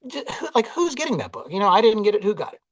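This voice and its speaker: A man with a Southern US accent talks in a relaxed, reflective way, hedging and laughing at himself. The sound is dry and close, with no room behind him. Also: high voice, rapid-fire, dry recording. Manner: reflective, self-deprecating, many "like" and "you know". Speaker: audiobook narrator, interview guest. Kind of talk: casual interview conversation.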